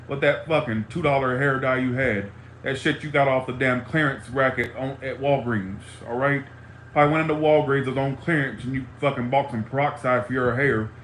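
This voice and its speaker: A man's voice: mid-range voice, fairly bright tone, slight background noise. Heated profane man ranting in echoey room. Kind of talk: angry ranting monologue. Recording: roomy echo, faint ambience.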